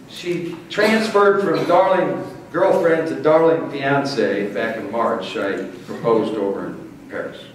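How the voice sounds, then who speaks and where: A middle-aged man from Missouri, giving a folksy acceptance speech as a motivational speaker. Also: medium pitch. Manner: folksy, warm storytelling with playful crowd asides. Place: large banquet hall. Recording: echoey hall, distant mic, faint hiss.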